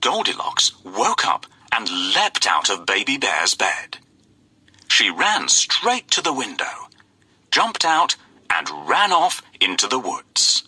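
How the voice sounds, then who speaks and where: A man's voice: medium pitch, husky. A man narrating a children's storybook in a theatrical way, voicing the characters as he goes. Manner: very animated, slow and theatrical.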